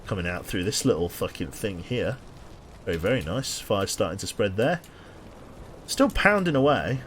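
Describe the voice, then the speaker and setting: Low-voiced sardonic male game streamer. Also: lively intonation, moderate pace, background noise. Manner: dry, sardonic play-by-play, swearing casually. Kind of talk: live gameplay commentary to chat.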